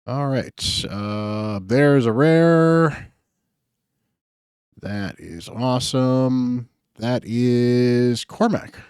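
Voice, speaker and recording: A man's voice: mid-range voice, drawn-out words, a little mellow, smooth, no echo, clean studio sound. A man hosting his gaming channel, chatting casually through his summon pulls in an upbeat way with frequent fillers. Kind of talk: casual gacha summon commentary.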